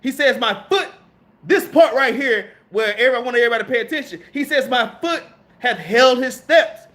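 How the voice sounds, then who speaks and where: A man's voice: very high-pitched, lively intonation, fairly quick, sharp tone. A man preaching a casual, slangy Bible lesson, reading verses aloud and then explaining them, saying "man" and "all right?" again and again. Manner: reads scripture aloud and then riffs on it. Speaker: preacher teaching a Bible class. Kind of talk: street-style sermon.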